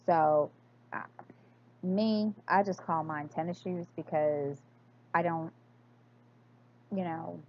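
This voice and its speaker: Woman vlogger, slow and hesitant delivery, muffled home recording. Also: on the low side, fairly even intonation. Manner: hesitant, many fillers and restarts. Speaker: crafting vlogger. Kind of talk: casual accent-tag chat.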